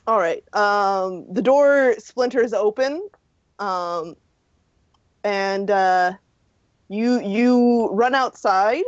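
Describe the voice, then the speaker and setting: A woman narrating a tabletop game as game master, slow and hesitant with many fillers. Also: medium pitch, dry recording, dull audio.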